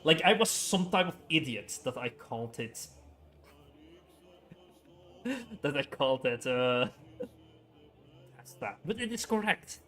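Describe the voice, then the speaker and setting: A man's voice: a little high, very animated, takes it slowly, long pauses, fairly bright tone. A young man chatting casually on a gaming livestream, rambling with frequent chuckles and filler words.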